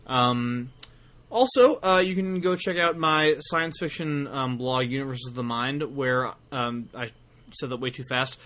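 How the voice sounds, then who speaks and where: His mid-range voice is animated and a bit bright, his pace measured. As a tired podcast co-host in casual chat, he rambles through self-deprecating plugs for his projects.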